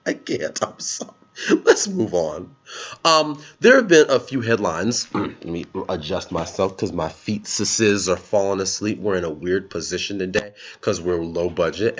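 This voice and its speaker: A man's voice: on the low side, big pitch swings, moderate pace, a bit bright. Sarcastic man in lo-fi vlog. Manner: sarcastic, laughs at his own jokes. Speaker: political vlogger. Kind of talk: casual political commentary.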